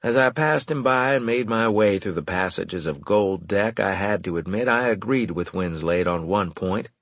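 A man narrating a first-person audiobook with wry, lively storytelling. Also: fairly low pitch, normal speed, dry recording.

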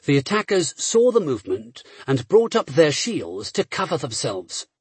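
A man's voice: on the high side, very animated, normal speed, husky, no echo. A man reading a story aloud as an audiobook narrator with a dramatic, varied delivery.

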